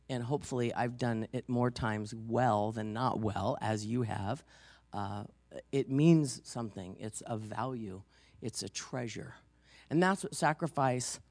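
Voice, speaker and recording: Brief: woman preacher, creaky gravelly voice, dry close sound, conversational sermon. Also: very deep voice, a little mellow, dry recording. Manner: chatty storytelling, frequent "you know", laughs easily. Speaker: pastor.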